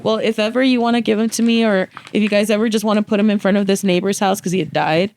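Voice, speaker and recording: A woman's voice: medium pitch, steady tone, quick pace, darkish tone, a little hiss or hum. A woman in her twenties co-hosting a podcast, telling a story expressively and acting out the voices of the people in it. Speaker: podcast co-host. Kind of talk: casual chat.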